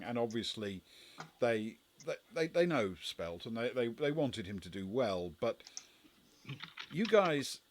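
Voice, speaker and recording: A man's voice: medium pitch, a little hiss or hum. A man acting as game master, narrating a tabletop game in a hesitant way with many restarts.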